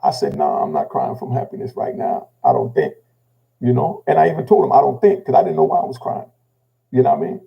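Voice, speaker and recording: Talking fast with huge swings in pitch, an older man from Jamaica recounts his life in a casual, emotional way. His voice is gravelly; "you know what I mean" follows nearly every thought, and he drops low and soft whenever he quotes himself. The audio is muffled.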